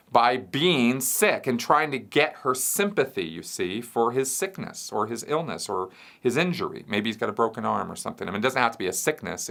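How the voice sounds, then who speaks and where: A man's voice: medium pitch, fairly bright tone. A man hosting a question show, explaining an idea step by step and often checking in with the listener. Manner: explains step by step, checks in with "right?" and "you see". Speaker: show host answering viewer questions. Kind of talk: explanatory solo talk.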